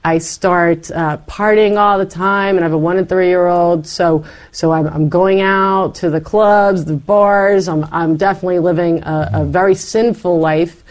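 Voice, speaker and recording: A middle-aged woman recounts her own story to an interviewer. She talks in a lively, animated way, often slipping into quoted lines of what she once said. Her voice sits a little low for a woman. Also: unhurried, few pauses. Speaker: interview guest. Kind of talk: personal testimony in conversation.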